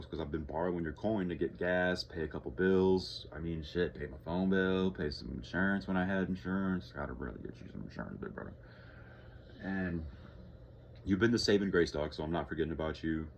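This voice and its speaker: A man's voice: sits low, highs cut off, slight background noise. A young man from Texas talking casually in a vlog, rambling, swearing freely and sighing often. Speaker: vlogger.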